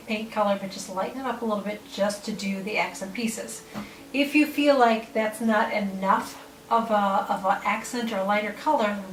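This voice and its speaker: A woman's voice: mid-range voice, a bit bright, roomy sound, recorded from a distance, a little hiss or hum, poor audio. A woman casually explaining how to accent painted furniture, rambling with fillers and correcting herself as she shows pieces at home. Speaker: home decorating vlogger.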